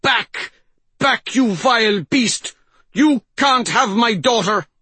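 A man voicing a frightened, desperate old woman who cries out in a trembling, high voice. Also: expressive, takes it slowly, sharp tone, slightly rough, no echo, heavily acted. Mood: defiant shouting.

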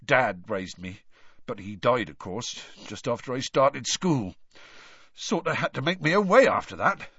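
A husky, rough-spoken half-giant, as a male storyteller puts him on, big and gentle, folksy and heartfelt, raised a little above the reader's own pitch. His speech swings up and down with feeling. The audiobook recording is dull and lo-fi, with a dry sound. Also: lively intonation, unhurried, no room sound, heavily acted. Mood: wistful.

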